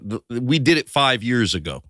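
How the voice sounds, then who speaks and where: Animated man with a lively voice. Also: moderate pace, no room sound. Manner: animated storyteller, jumps up in pitch. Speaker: comedian guest. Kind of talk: casual podcast chat.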